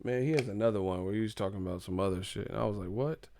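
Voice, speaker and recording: A man's voice: fairly low pitch, rapid-fire, gravelly, darkish tone. A man hosting a casual live stream, ranting in a joking, profane, mocking way.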